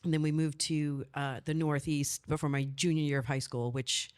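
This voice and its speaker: A woman's voice: sits low, fairly even intonation, moderate pace, clean tone. A woman in her forties from the American Midwest, a podcast host telling a story in a chatty, emotional way. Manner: chatty, emotional, acts out quotes. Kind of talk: casual conversational storytelling.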